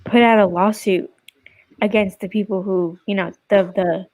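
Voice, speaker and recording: A woman guest in a casual video-call chat, talking in a halting way as she searches for words. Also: medium pitch, steady tone, darkish tone.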